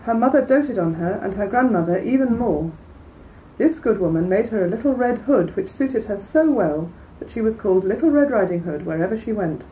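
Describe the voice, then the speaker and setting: Female reader-lecturer, measured and clear, mellow tone; mic set back, faint hiss behind. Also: medium pitch, expressive, highs cut off. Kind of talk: storybook reading, then lecture commentary. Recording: distant mic, faint background noise.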